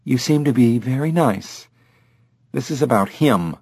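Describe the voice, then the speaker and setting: A man voicing an upset, sharp-tongued middle-aged wife who talks bluntly. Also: mid-range voice, expressive, unhurried, slightly rough, dry recording, studio quality. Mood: exasperated. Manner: blunt and exasperated.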